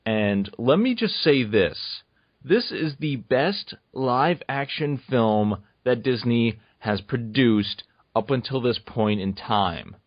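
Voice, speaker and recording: A man's voice: mid-range voice, animated, takes it slowly, dry recording. Man, casual podcast co-host, emphatic and enthusiastic, dry close sound. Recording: dull, dry lo-fi recording.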